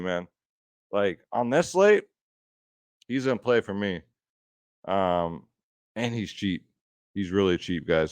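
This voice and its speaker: A man's voice: mid-range voice, no room sound. A man giving fantasy football picks in a loose, chatty way, swearing freely and calling his viewers guys. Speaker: fantasy sports picks streamer. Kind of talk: casual unscripted sports picks talk.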